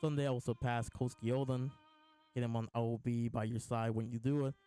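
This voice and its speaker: Reading lines from a comic chapter between laughs and restarts, a male host keeps up a casual live reaction chat. His mid-range voice is mellow, clean and level, moving fairly quickly over faint background music.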